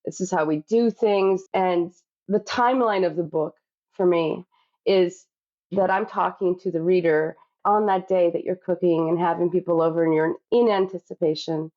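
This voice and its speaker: A woman's voice: fairly low pitch, fairly even intonation, moderate pace, darkish tone. Chatty woman author, lo-fi sound. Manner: reflective, chatty with many you-knows. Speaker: guest cookbook author. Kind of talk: podcast interview.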